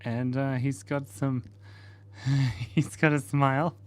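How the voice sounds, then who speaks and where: A man's voice: mid-range voice, level tone, takes it slowly, a little mellow. A man hosting a casual live stream, chatting playfully and laughing while he draws and reads out viewer comments. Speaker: livestream host.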